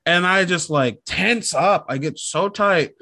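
A man's voice: high-pitched, a little slow, bright, forceful tone. A man chatting casually on a podcast, rambling and self-deprecating as he tells a comic story. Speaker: podcast co-host. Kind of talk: casual comedic chat.

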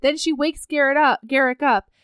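A woman's voice: high-pitched, fairly even intonation, moderate pace, a bit bright, dry recording. A woman co-hosting a comedic podcast, recapping a novel and reading its melodramatic passages aloud with mock-serious delivery. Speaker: podcast co-host.

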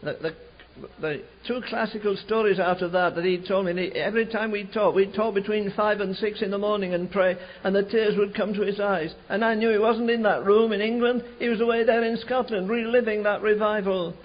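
A man preaching a sermon, telling a revival story in an animated way, slowing and rising for emphasis. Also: sits high. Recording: dull lo-fi recording.

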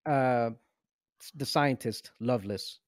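A man's voice: mid-range voice, takes it slowly, no echo. Fields: Sex: man. Role: podcast co-host. Style: laughing movie-review chat, dry close sound. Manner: animated, mock-serious, laughs often.

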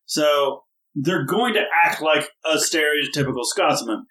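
A man's voice: on the high side, lively intonation, measured pace, sharp tone. A man in casual podcast chat about tabletop gaming, talking in an emphatic, exasperated, ranting way. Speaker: podcast co-host, tabletop gamer. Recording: roomy echo.

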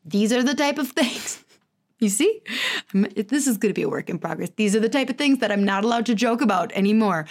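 A woman in her thirties talks alone on her podcast. She is candid and self-mocking, and her pitch often leaps upward. Her voice sits at an ordinary pitch for a woman. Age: 30s. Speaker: podcast host. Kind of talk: casual solo podcast monologue.

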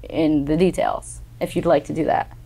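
Woman, interview host, lower pitch, enthusiastic, casual, says "like" a lot. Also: fairly even intonation, normal speed, creaky, warm tone. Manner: enthusiastic, uses lots of "like".

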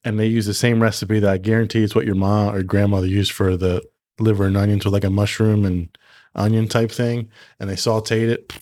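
A man in a casual studio chat about hunting, relaxed and asking questions. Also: on the low side, brisk. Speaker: podcast co-host.

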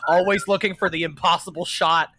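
A man co-hosting a podcast, telling animated stories in casual chat and swearing freely. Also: sits high, fairly quick. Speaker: podcast co-host.

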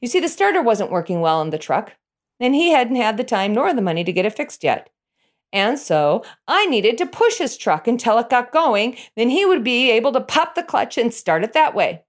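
Middle-aged woman recounting family memories; animated, chuckly delivery with a bouncy, slightly high voice. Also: moderate pace. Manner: animated, chuckles through her telling. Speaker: storyteller. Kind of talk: personal storytelling.

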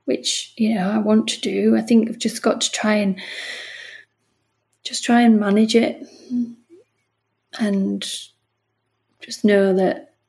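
Long pauses mark the slow, creaky delivery of a middle-aged bereavement midwife with a medium-pitched, darkish voice that stays fairly flat. Guesting on a podcast, she discusses her work earnestly and emotionally in a casual interview, often restarting and quoting dialogue to act out conversations.

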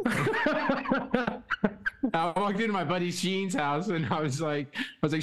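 A man co-hosting a podcast, telling animated stories in casual chat, swearing and saying bro. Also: high-pitched, a little slow, pauses often. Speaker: podcast co-host.

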